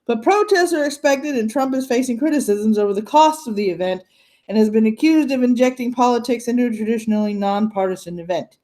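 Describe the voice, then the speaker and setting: Woman doing a casual news livestream from home, kinda high voice, sarcastic, chatty, talking into her computer cam. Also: animated, a little fast, warm tone. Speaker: host. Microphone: computer webcam mic.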